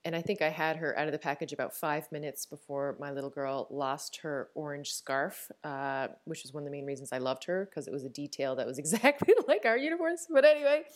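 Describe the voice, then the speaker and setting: A woman from Newfoundland with a Newfoundland accent talks through a personal podcast episode in a fairly low voice. She is candid and chatty, laughing often and circling back to restart her sentences. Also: fairly quick, hardly any pauses. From Newfoundland, Canada. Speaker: podcast host. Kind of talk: reflective personal podcast talk.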